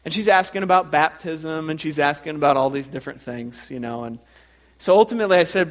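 A male pastor preaching a sermon in a church, telling stories in an animated way and repeating words as he builds up. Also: fairly high pitch, a little fast.

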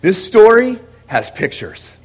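American male missionary preacher, slightly high voice, storytelling sermon that swells to emphatic volume. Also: big pitch swings, slow, breathy edge. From United States. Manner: conversational, swings from quiet asides to loud emphatic preaching. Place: church service before a congregation.

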